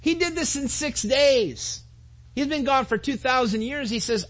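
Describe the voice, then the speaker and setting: A man's voice: high-pitched, lively intonation, normal speed. A man preaching a sermon to his congregation, earnest, with repetitions and asides to the listeners. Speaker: pastor.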